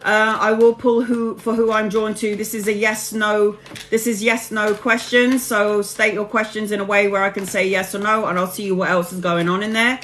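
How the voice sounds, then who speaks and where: A woman's voice: mid-range voice, flat delivery, normal speed, fairly bright tone. Casual woman tarot reader on a live stream. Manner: casual and affectionate, calls viewers honey and babes. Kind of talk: live-stream tarot reading, chatting with viewers.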